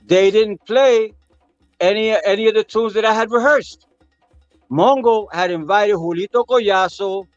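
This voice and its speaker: High-voiced man telling a story. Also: dry recording, lo-fi sound. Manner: animated, acts out quotes of others. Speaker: guest musician. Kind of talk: casual storytelling.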